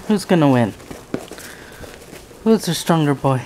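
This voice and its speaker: A woman breeder introducing puppies one by one in slow, sing-song puppy talk. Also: rumbling low, darkish tone, a little hiss or hum. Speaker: dog breeder. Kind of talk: casual vlog narration.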